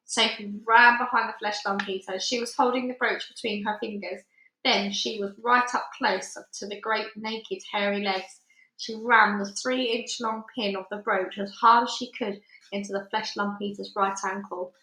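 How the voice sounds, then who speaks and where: Bright-voiced woman reading a storybook aloud. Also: mid-range voice, normal speed. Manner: lively, dramatic storytelling. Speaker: storybook reader. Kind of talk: children's book read-aloud. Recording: roomy echo.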